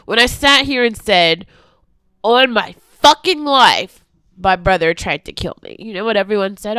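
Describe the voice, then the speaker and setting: A woman vlogger in an angry confessional rant, heavy with swearing, swinging between hushed whispers and shouting. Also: medium pitch, expressive, normal speed, no room sound.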